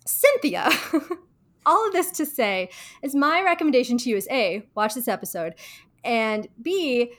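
A woman's voice: lively intonation, moderate pace. A woman in casual podcast chat, retelling a TV episode with lots of fillers and acting out the quoted lines. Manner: chatty, lots of "like", acts out quoted lines in higher voices. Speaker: podcast co-host giving advice.

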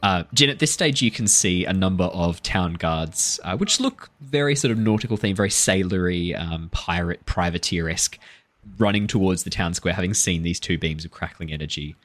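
A man's voice: low-pitched, normal speed. A man narrating as dungeon master, chatty and often laughing. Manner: laughing often, loose and animated. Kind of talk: narrating a tabletop game.

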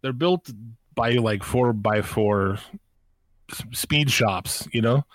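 A man's voice: medium pitch, slow pace, no echo. A man co-hosting a watch-along, chatting casually and explaining things in a loose, profane way with laughs. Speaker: co-host of a watch-along show. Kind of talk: casual chat.

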